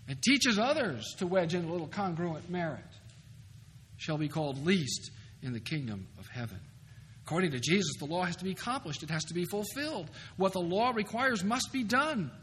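A high-voiced man lectures from the front of a large hall, pressing his points with emphatic, animated delivery and dry humor. Long reverb hangs on his voice over faint background noise in an older conference recording. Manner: emphatic, animated, wry asides. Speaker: seminary professor lecturing.

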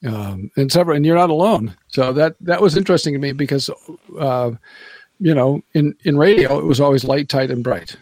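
A man's voice: fairly high pitch, a little fast, a little mellow, dry recording. A man, a former radio broadcaster, chatting casually as a podcast guest, rambling and restarting his sentences and laughing often. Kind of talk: casual chat.

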